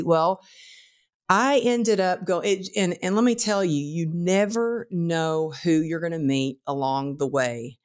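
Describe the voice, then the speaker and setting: A woman guest author telling a personal story in casual conversation, animated and acting out the voices of people in it. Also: on the low side, a little slow. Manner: animated, acts out quotes in the story.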